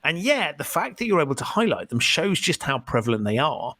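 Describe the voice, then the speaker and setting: A man hosts a podcast, his voice on the high side with big pitch swings, brisk, pushed and bright. He reflects on his guest's points in conversational interview commentary, captured in a dry recording.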